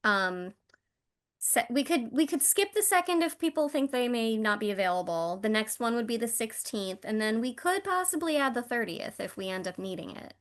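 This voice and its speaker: Higher-voiced woman laying out schedule options. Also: animated. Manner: measured, explaining options. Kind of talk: casual meeting talk. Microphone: video call.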